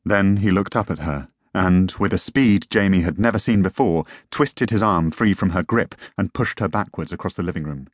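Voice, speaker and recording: A man's voice: deep voice, normal speed, few pauses, no room sound. A man narrating a tense story as an audiobook reader. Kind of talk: scripted narration.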